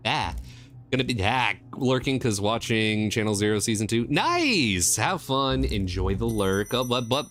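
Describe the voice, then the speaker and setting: Excitable male streamer with jumpy pitch. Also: measured pace, faint music behind. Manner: excitable, jumps between mumbling and squealing. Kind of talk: casual live-stream chat.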